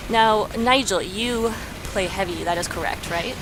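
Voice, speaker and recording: A woman hosting and commentating a team game match, chatty and excitable with frequent fillers. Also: medium pitch, unhurried, faint music behind. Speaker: host and caster. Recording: noisy recording.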